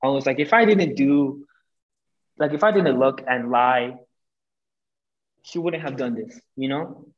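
With a mid-range voice at a measured pace and long pauses, a young man shares a personal story on a podcast as a guest. The telling is casual and animated, full of swearing and acted-out quotes. Audio is dull and lo-fi.

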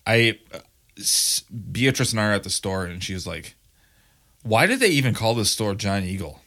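Bright-voiced wry male co-host. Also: fairly low pitch, lively intonation, normal speed. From Grand Rapids, Michigan. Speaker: podcast co-host. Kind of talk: casual chat. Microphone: studio microphone.

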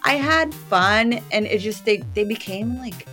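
A woman in her late thirties, a podcast guest telling stories in casual chat, animated and laughing often. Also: on the high side, a little slow, faint music behind.

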